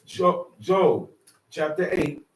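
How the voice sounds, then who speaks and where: A man's voice: on the high side, expressive, slow pace. A man in the congregation answering the preacher with short affirmations and reading scripture aloud. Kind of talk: call-and-response affirmations. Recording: echoey room, far from mic.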